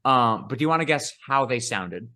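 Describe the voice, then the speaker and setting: A man's voice: medium pitch, lively intonation, brisk, pushed and bright. A man co-hosting a podcast, telling stories in casual chat with lots of swearing and laughter. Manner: profane, laughing storyteller. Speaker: podcast co-host.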